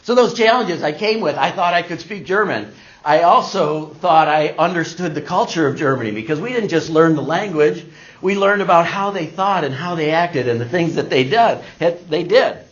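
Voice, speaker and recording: A man's voice: fairly high pitch, expressive, normal speed. A middle-aged man giving a talk, telling a personal story to an audience and acting out the people he quotes. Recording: dull lo-fi recording.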